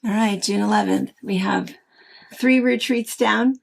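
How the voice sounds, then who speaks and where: Gravelly, husky woman chatting casually. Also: medium pitch, measured pace. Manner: chatty, rambling, warm storytelling with restarts. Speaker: co-host of a quilting shop chat show. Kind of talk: casual chat.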